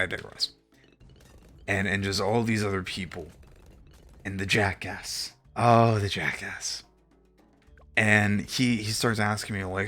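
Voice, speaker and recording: A man's voice: sits low, sharp tone. A young man streaming, telling a story casually with exasperated, profane asides.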